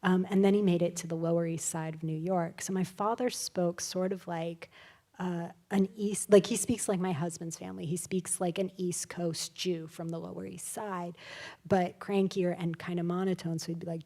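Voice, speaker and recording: A woman, an author guest at a live event, telling stories in a casual, animated way with many fillers. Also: lowish voice. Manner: animated, chatty, full of fillers and laughs. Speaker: author guest at a public talk. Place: live event before an audience.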